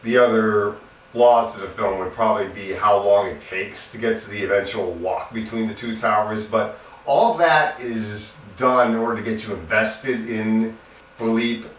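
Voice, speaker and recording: Lower-voiced man reviewing a film. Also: moderate pace. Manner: earnest, repetitive, loose and rambling. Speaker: movie reviewer. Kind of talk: casual spoken film review. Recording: roomy echo, distant mic, faint hum.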